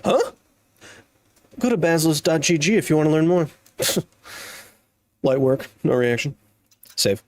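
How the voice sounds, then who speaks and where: A man's voice: fairly high pitch, expressive, slow pace, long pauses, no echo. A man in his thirties giving playful, jokey live commentary while streaming a game. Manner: playful, jokey, slips into silly voices and exclamations. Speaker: gaming streamer.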